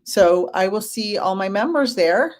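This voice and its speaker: Woman in her fifties, spiritual medium, casual livestream chat, gentle and reassuring, unhurried delivery. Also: medium pitch, expressive, a little hiss or hum. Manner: gentle and reassuring, with chatty asides.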